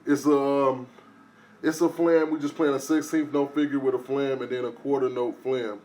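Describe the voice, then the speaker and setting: A man teaching drum rudiments in a casual lesson, explaining step by step and counting the strokes out loud. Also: medium pitch, level tone, moderate pace. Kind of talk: casual instructional talk.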